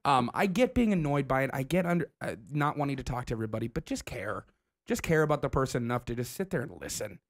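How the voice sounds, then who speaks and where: A man's voice: medium pitch, animated, fast. A man in a casual chat, earnestly lecturing people to listen and care. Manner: earnest, preachy ranting. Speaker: podcast co-host.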